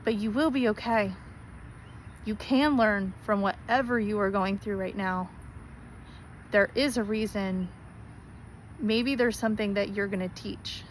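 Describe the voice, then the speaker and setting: A woman's voice: medium pitch, a little slow, long pauses, a little hiss or hum, poor audio. A woman speaking straight to her viewers in an earnest, pleading way, repeating herself for emphasis. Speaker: spiritual vlogger. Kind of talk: heartfelt direct-to-camera talk.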